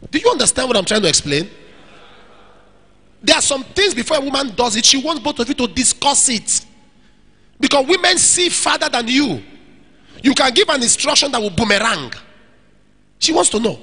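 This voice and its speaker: Lively, high-voiced man preaching. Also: breathy edge. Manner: lively, emphatic, acts out quoted dialogue. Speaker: pastor. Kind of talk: sermon with audience Q&A. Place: church hall.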